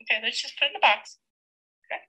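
A woman teacher working through a live demonstration lesson with a child. Her voice is very bright and sharp, and she stays patient and encouraging. She stretches out and segments each sound slowly. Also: a little high, low-quality recording.

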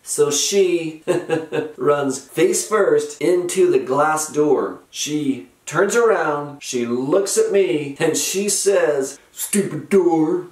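A middle-aged man with a slightly high voice tells his comic stories in a slow, deadpan way, grumpy and sarcastic throughout. He sits back from the mic, and the room around him rings. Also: far from the mic. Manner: sardonic, dry, grumpy. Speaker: comedic storyteller host. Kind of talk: deadpan comic retail storytelling. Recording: roomy echo, from off-mic.

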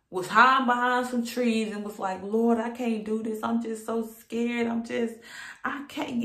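Fervent woman preacher, echoey. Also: high-pitched. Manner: fervent, repetitive, builds excitement. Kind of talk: sermon to camera. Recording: roomy echo.

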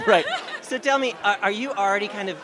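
A man's voice: sits high, a little fast. A man interviewing an actress on a red carpet, asking upbeat, complimentary questions. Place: outdoor red carpet event. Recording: busy crowd noise outdoors.

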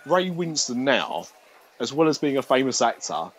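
A man's voice: medium pitch, very animated, moderate pace, breathy edge, low-quality recording. British man rambling through a joking chat. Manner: rambling, joking and swearing, laughs often. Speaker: podcast host. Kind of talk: casual podcast chat.

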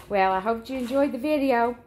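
A woman's voice: a little high, normal speed, darkish tone, slight background noise. A woman filming her farm outdoors, talking casually and calling to a puppy in a coaxing sing-song voice. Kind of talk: casual vlog narration.

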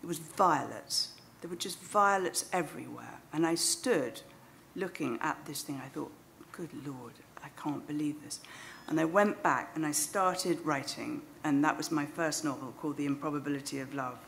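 A woman's voice: deep voice, moderate pace, vocal fry, fairly bright tone, a little hiss or hum. A woman in her fifties telling a self-deprecating, wry story to a live audience. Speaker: speaker at a storytelling event. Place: stage before an audience.

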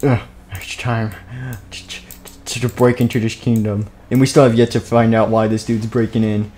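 A man's voice: lowish voice, level tone, normal speed, mellow, slight background noise. A young man narrating a game role-play on a live stream, rambling, goofy and often cutting himself off, into a desk microphone. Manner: rambling, self-interrupting, goofy.

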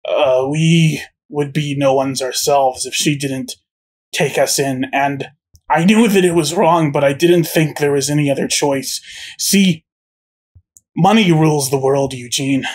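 A game master voicing a weary, conflicted woman captor who confesses in a halting, pleading way. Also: medium pitch, darkish tone, husky. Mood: troubled, confessional. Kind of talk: tabletop game character voice.

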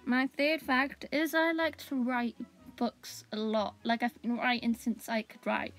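A woman's voice: fairly high pitch, flat delivery, a little slow, fairly bright tone, faint music behind, rough recording. A young woman, co-hosting a casual chat and teasing her friend. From Wales. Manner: chatty, teasing. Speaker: co-host.

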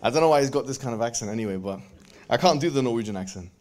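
A man giving a lively religious lecture to a live audience, joking and bantering with the crowd and quoting verses in quick Arabic recitation. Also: mid-range voice. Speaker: speaker at a religious event.

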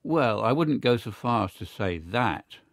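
A cool, confident secret service agent, as a man reads him, brisk and matter-of-fact in a low voice. The reading is close and dry. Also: lively intonation, vocal fry, no echo.

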